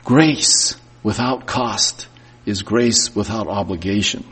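Husky-voiced preacher in a reverberant hall. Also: male voice, lowish voice, takes it slowly, fairly bright tone. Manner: emotional first-person storytelling, rising and falling in intensity. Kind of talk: sermon. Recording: long reverb of a church hall.

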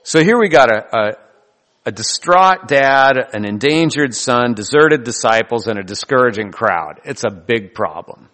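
A man's voice: mid-range voice, animated, a little slow, a bit bright, big-room sound. A man preaching a sermon in a loose, conversational way, joking and laughing between his points. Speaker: pastor.

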